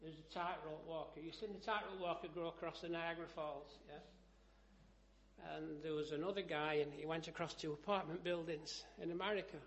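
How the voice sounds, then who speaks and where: Storytelling male preacher, slightly high voice. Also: steady tone, moderate pace, a little hiss or hum. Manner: storytelling, rising to loud emphatic preaching. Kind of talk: sermon.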